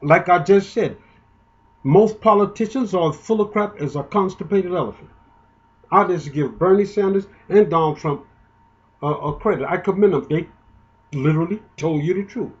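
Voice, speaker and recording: A man's voice: high voice, normal speed. Indignant man ranting, lo-fi sound. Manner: indignant, emotional, rambling with restarts. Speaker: political commentator. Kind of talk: ranting political monologue.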